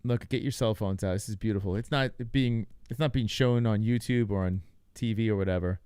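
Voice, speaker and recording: A man's voice: fairly low pitch, a little fast, a little mellow, clear, resonant tone, dry recording, studio quality. Joking man hosting a live reaction stream. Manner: loose, joking, talks to chat. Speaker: livestream host. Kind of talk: casual live reaction commentary.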